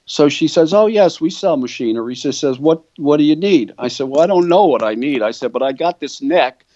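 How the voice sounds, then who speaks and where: A man's voice: fairly high pitch, fairly quick, dull audio. Older New man telling stories. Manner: animated storyteller, quoting others' words. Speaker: guitar company founder. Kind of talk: storytelling in an interview.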